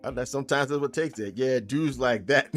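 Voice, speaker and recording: In a relaxed live stream chat, a game developer streamer jokes around, laughs often, and talks to his chat. His voice is medium-pitched and unhurried at normal speed, over soft background music.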